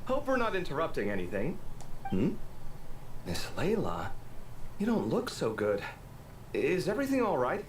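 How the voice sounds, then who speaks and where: A man's voice: on the high side, wildly swooping pitch, normal speed, long pauses, a little hiss or hum. An actor voicing a dramatic, fussy young man in game dialogue, polite one moment and petulant the next. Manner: polite, then petulant and sulky. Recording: game audio under music.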